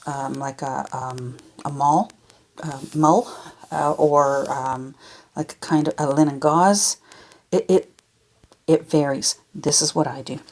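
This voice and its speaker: A Canadian woman chatting casually as she works on a craft project in her home studio, rambling and wandering off on tangents. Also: low-pitched. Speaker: junk journal crafter. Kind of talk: casual chat while crafting.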